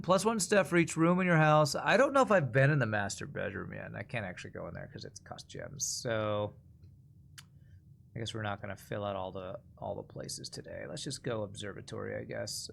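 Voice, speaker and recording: Low-voiced man musing through a game. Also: very animated, normal speed, creaky, a bit bright, a little hiss or hum. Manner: musing aloud, mumbling while deciding. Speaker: streamer playing a puzzle game. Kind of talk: casual gameplay commentary.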